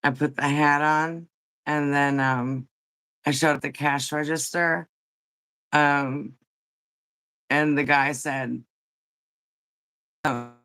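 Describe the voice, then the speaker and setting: Just-woke-up lady chatting on her livestream, slow and rambly, saying hi to everyone. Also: deep voice, fairly even intonation, a bit bright. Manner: chatty, greets viewers by name, rambling with fillers. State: just woken up. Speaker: livestream host. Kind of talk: casual livestream chat.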